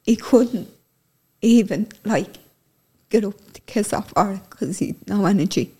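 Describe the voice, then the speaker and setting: Gravelly Irish woman telling a raw story. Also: medium pitch, a little slow, mellow. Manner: candid, emotional, swears casually. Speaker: interviewee. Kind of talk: personal storytelling.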